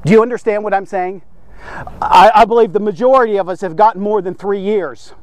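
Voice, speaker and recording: A man delivering a devotional sermon in a very high voice. He preaches with insistent emphasis, repeating himself and tossing in "okay?" over and over. The sound is close and dry. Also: fairly quick, darkish tone, no echo. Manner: emphatic, repetitive, frequent "okay?".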